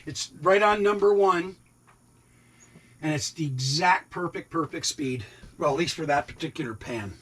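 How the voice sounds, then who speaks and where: A man's voice: on the high side, expressive, moderate pace, a bit bright, husky. A man in his sixties chatting casually in a rambling way while cooking in his RV kitchen, talking to his cats now and then. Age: 60s. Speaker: RV vlogger. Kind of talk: casual cooking vlog chat.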